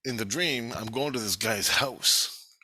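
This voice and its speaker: A man's voice: mid-range voice, a little slow, pushed and bright, no echo. A middle-aged man telling a rambling, profane story from his childhood in a casual spoken way.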